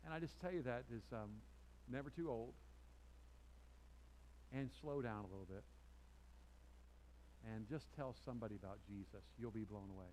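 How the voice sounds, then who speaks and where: A pastor preaching a sermon to his congregation, telling a personal story with restarts and asides, swinging from loud emphatic peaks to quiet, intense lines. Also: medium pitch, moderate pace, long pauses, slight background noise, rough recording. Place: church sanctuary before a congregation.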